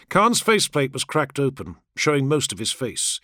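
Guy narrating a dark audiobook, very expressive pitch, dry close sound. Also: moderate pace, no room sound. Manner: dramatic, expressive reading. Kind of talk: scripted narration.

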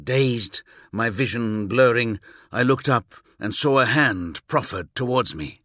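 A man reading a scripted first-person audiobook story, with measured, intense and vivid delivery. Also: mid-range voice, pushed and bright, no echo, clean studio sound. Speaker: audiobook narrator.

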